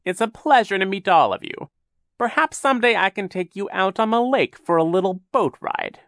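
A man's voice: sits high, expressive, normal speed, fairly bright tone, no echo, clean studio sound, voice pushed up. A man voicing a scheming male villain in disguise, smarmy and whiny.

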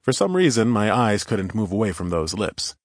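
A man narrates a first-person audiobook in a wry, conversational manner. His voice sits on the low side. The recording is dry and close, with no room sound. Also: very animated, moderate pace, no room sound.

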